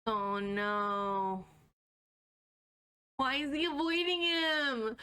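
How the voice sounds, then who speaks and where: A giggly, excitable woman streamer chatting casually while reading a webcomic. Her voice is high and bright, with quick laughter. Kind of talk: casual chat.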